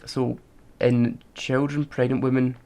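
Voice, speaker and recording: A man's voice: medium pitch, level tone, unhurried, dark tone. A man co-hosting a casual podcast, arguing his point and reading out facts. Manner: argumentative, reads out facts. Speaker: podcast co-host. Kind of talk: casual chat.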